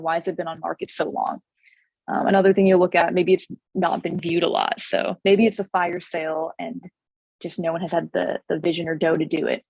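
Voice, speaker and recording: Hoarse, chatty woman realtor. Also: fairly low pitch, a little mellow, no room sound, rough recording. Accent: Californian English. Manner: chatty, rambling with many fillers and restarts. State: slightly hoarse, losing her voice. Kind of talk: casual explainer video.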